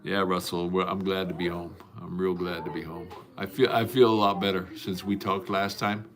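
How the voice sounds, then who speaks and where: Deep-voiced man rambling folksy on a livestream. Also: steady tone, moderate pace, a crowd in the background. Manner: folksy, rambling, with many fillers and restarts. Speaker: livestream host. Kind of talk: casual livestream chat, greeting and answering viewers. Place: at home.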